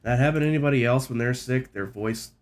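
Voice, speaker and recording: A man's voice: mid-range voice, quick pace. A man streaming while sick, congested and nasal, chatting casually and rambling with a self-deprecating streak. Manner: rambling, self-deprecating, clears throat often. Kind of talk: casual live-stream chat.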